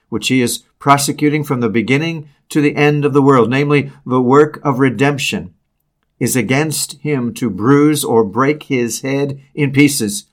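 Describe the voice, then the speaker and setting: Solemn man reading an old sermon. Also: mid-range voice. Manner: solemn and measured, slowing on key phrases. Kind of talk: read-aloud sermon.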